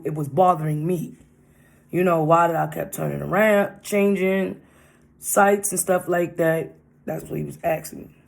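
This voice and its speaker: Rambling storyteller. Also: medium pitch. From Brooklyn, New York. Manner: rambling, repeats itself, slangy street talk. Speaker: vlogger. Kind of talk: casual storytime.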